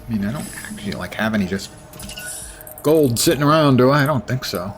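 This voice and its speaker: A man's voice: mid-range voice, lively intonation, fairly quick, over music. Wry man streaming a game. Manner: wry, self-mocking asides. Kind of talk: casual gameplay commentary.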